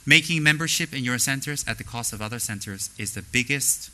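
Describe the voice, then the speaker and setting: A man teaching as a spiritual teacher, blunt and straightforward, animated as he acts out the people he talks about. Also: mid-range voice, fairly quick, poor audio. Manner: animated, mimics people in quoted asides. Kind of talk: dharma talk.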